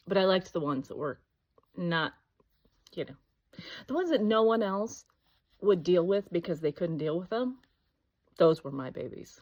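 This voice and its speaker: A woman's voice: fairly low pitch, animated, moderate pace, long pauses, darkish tone, husky, no echo. A woman in her thirties in a scattered, self-interrupting casual vlog, talking into her phone. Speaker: vlogger. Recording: dull lo-fi phone audio with road noise.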